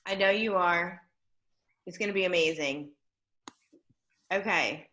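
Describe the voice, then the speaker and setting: Teaching junior high students by video call, this woman stays upbeat and encouraging, coaxing them playfully. She keeps a measured pace, and there's noise in the background.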